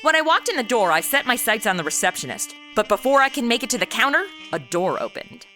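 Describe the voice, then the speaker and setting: Bright-voiced wisecracking young woman. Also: on the high side, sing-song, quick pace, faint music behind. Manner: sarcastic, modern, wisecracking. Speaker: lead character and narrator. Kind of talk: comedy audio drama.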